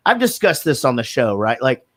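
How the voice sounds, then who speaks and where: A man's voice: medium pitch, moderate pace. A man co-hosting a comedy movie podcast, recapping a film in loose, joking banter and laughing often. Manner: animated, laughs a lot, breaks into quoted voices. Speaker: podcast co-host.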